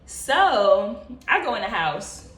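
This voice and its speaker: A woman vlogger telling a story in an animated, expressive, profane casual way. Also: medium pitch, slow pace, roomy sound, soft background music.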